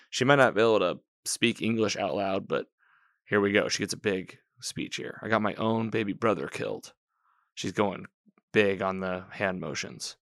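A man's voice: lowish voice, fairly bright tone, no room sound, clean studio sound. A man casually recapping a TV episode, talking in a rambling way, correcting himself and quoting the characters as he goes.

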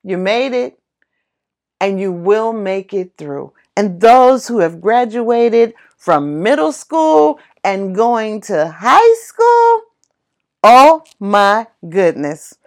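A woman's voice: medium pitch, very animated, very slow. A woman giving a heartfelt motivational talk, encouraging and exclamatory. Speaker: motivational speaker.

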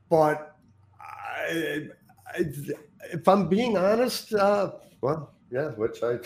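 A man co-hosting a casual podcast, speaking candidly with frequent restarts and easy laughter. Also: mid-range voice. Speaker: co-host and former wrestler.

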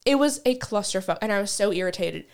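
A woman's voice: medium pitch, expressive, quick pace, smooth. A woman co-hosting a casual chat, venting bluntly with lots of fillers and swearing. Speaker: podcast co-host.

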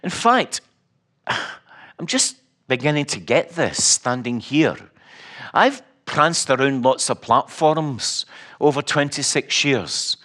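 A man's voice: medium pitch, fairly bright tone. A middle-aged Scottish man preaching a sermon, telling stories with wry humor and emphatic repetition. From Scotland.

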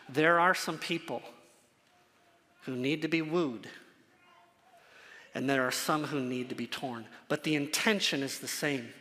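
A man's voice: on the high side, bright, forceful tone, big-room sound. A man preaching a sermon to his congregation, earnest and emphatic, repeating phrases for stress. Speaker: pastor.

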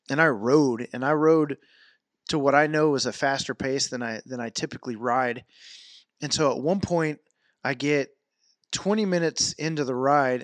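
A man with a medium-pitched voice vlogs casually about his training, rambling through a long, animated story full of fillers and restarts. The sound is studio quality with no echo.

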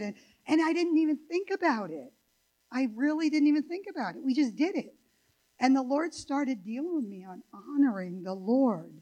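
A woman's voice: a little high, darkish tone, low-quality recording. An older woman preaching a sermon in a church, chatty and digressive, with many fillers and asides. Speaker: guest preacher. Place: church sanctuary.

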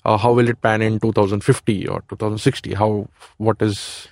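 A man's voice: on the low side, little pitch movement, fairly quick, darkish tone, dry recording, clean studio sound. Tentative male interviewer. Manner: tentative, filler-laden questions. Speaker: podcast host interviewer.

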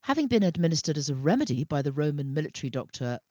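A woman's voice: low-pitched, big pitch swings, racing, darkish tone, no echo, muffled recording. A middle-aged woman co-hosting a casual podcast chat, enthusiastically reading out facts. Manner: enthusiastic, reads facts aloud. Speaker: co-host.

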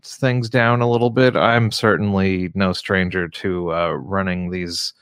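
A man hosting a casual radio talk show, speaking in a halting way with frequent restarts and fillers. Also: deep voice, steady tone, a bit bright, smooth, dry recording, clean studio sound. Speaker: radio show host and comedy show runner.

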